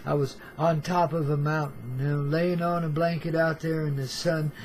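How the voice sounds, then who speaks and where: An older hippie storyteller rambles through his tale in a slightly high, easygoing voice. He sprinkles his talk with baby, man and you know. Faint hiss sits under the recording. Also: flat delivery, normal speed, a little mellow, poor audio. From Oregon. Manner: laid-back hippie slang, calls listeners baby and man. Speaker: storyteller host. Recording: faint background noise.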